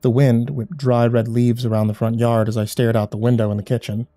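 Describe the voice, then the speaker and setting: A man telling a first-person horror story as scripted narration, grim and measured. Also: mid-range voice, flat delivery, mellow, dry recording.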